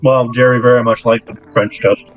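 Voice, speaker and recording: A man's voice: mid-range voice, level tone, moderate pace. A man running a tabletop game as game master, wry and exasperated. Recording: dull lo-fi recording with faint music.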